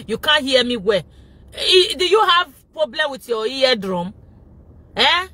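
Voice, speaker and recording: Loud Nigerian woman ranting from a car. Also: high voice, animated, slow. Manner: loud, shouting and laughing, mixing pidgin. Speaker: vlogger. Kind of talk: loud casual vlog rant. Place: inside a car.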